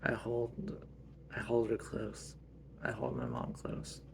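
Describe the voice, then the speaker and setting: A man telling a family role-play story in a slow, halting, earnest way. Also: fairly low pitch, big pitch swings, creaky, slight background noise.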